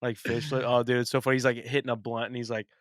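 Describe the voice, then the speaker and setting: A young man with a mid-range voice chatting on a podcast, recorded dry and close. He rambles in a relaxed way, filling his talk with "like" and the odd swear word. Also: mid-range voice, quick pace, no room sound. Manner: laid-back, full of "like" and swearing. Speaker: podcast co-host. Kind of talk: casual chat. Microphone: remote podcast mic.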